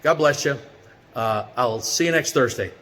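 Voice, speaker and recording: A middle-aged man telling a personal story in a relaxed, chatty way as a vlogger with a weekly quote, with plenty of fillers as he talks. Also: mid-range voice, normal speed. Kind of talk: casual motivational storytelling. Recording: long reverb with faint background noise.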